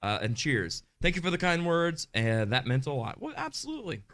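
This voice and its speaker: A man's voice: medium pitch, animated, moderate pace, fairly bright tone. A man co-hosting a live podcast, chatting casually and reading viewer comments aloud in an upbeat way. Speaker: podcast co-host.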